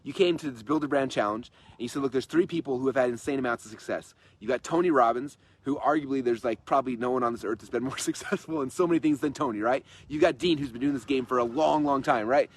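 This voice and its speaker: A man in his thirties giving an energetic, repetitive, persuasive motivational talk on a livestream from his in-laws' home. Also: mid-range voice, fast, few pauses, a little hiss or hum. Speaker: host and coach.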